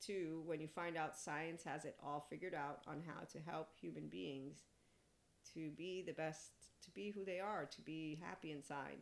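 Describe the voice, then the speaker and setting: A woman with a notably low speaking voice hosts a solo podcast. She rambles through a casual spiritual monologue, blunt and salty, laughing often between her thoughts. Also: steady tone, moderate pace, vocal fry. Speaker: podcast host.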